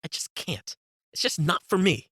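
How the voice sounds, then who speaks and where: Inner critic, put on by a male narrator: angry, ranting, bright and pushy, swinging pitch. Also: sing-song, normal speed, slightly rough, dry recording, studio quality, full character voice. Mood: exasperated ranting. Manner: ranting, scoffing, exasperated.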